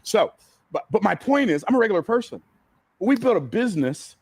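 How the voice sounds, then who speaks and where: A business coach addresses a live audience from the stage of an event room, teaching seminar-style. His voice is high and brisk, a little mellow and slightly rough, with big swings in pitch, and the recording is dry. He's emphatic, repeats key phrases, and keeps putting questions to the crowd.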